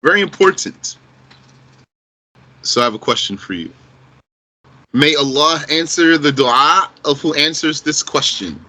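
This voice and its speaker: Male grammar teacher, slightly high, bright voice, unhurried and repetitive delivery for students. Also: expressive, poor audio. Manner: explains slowly, repeats key phrases, quizzes the class with a countdown. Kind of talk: classroom grammar lesson.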